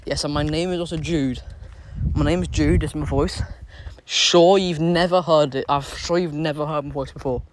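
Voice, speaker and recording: Out on a street, a British man talks into his phone during a casual live stream, answering viewers. His voice is slightly high with fairly even intonation, his speed normal, and the background noisy. He rambles, repeats phrases, and fills his talk with fillers and restarts.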